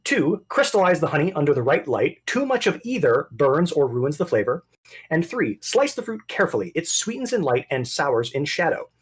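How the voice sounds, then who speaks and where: A man narrating a tabletop game as game master, animated and rambling. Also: on the high side, normal speed, breathy edge. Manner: animated, rambling, self-correcting.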